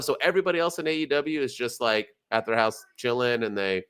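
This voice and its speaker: A male podcast co-host in casual chat, ranting with lots of energy and swearing freely. His pitch sits in the ordinary middle for a man and swings up and down as he vents. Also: a little fast, hardly any pauses, smooth. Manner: animated, profane, ranting, mocks others in quoted voices.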